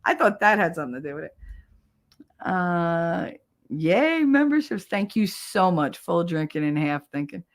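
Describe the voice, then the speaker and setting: A woman from New Jersey hosting a casual livestream, chatty and animated, laughing often and jumping into loud high yelling when she acts out a scene. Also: a little slow. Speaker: livestream host.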